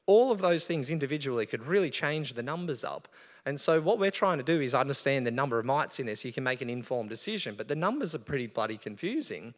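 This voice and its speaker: A man's voice: mid-range voice, expressive, quick pace. A man with an Australian accent, giving a casual, conversational talk to an audience at a live event. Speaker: bee researcher giving a talk. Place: event hall. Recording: long hall reverb.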